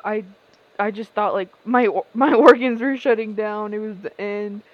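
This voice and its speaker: A woman's voice: mid-range voice, moderate pace, no echo. A young woman in casual podcast chat who swears and laughs as she talks. Her voice comes through slightly dull and lo-fi. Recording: dull lo-fi sound.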